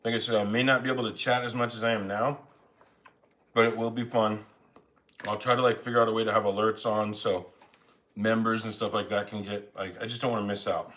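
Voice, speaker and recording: In a fairly low, fairly bright voice with a flat delivery, the man talks fairly quickly while eating on his home live stream. He rambles and chats, making himself the butt of his jokes, using a phone mic.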